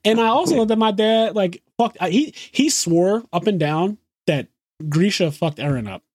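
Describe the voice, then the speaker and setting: A man hosting a podcast, excitedly recapping an anime episode in casual, profane, run-on talk. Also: high voice, no room sound, clean studio sound. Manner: excited, swears freely, rapid run-on retelling. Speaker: podcast host.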